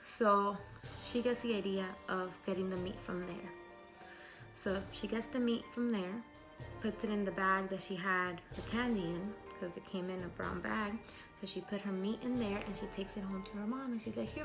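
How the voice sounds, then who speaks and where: A middle-aged woman telling a scary story in a chatty, lively way, stopping to ask rhetorical questions. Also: mid-range voice, moderate pace, over music.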